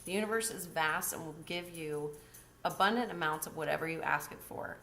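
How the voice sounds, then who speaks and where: A woman's voice: deep voice, fairly quick, fairly bright tone, a little hiss or hum. A woman life coach telling a personal story in a candid, chatty way, often breaking into laughs.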